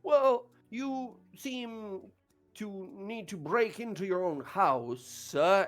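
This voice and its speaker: A man voicing a kindly, pious old male priest who speaks mildly and haltingly. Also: high voice. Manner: mild, fussy, halting speech.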